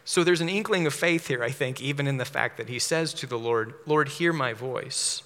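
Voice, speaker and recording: A man preaching a measured sermon, explaining a psalm verse by verse. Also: mid-range voice, a bit bright. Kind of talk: expository sermon. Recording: long hall reverb.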